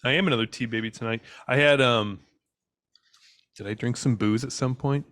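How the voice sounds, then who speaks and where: A man's voice: mid-range voice, normal speed, fairly bright tone, dry recording. Laid-back man swearing in casual chat. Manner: loose and profane, laughs along, rambling anecdotes. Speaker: podcast co-host.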